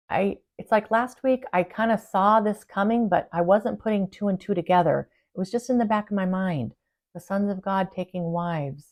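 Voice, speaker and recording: A woman's voice: medium pitch, moderate pace, a little mellow. A woman spiritual channeler talking to her viewers in an earnest, confiding and rambling way. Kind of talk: casual personal monologue to viewers.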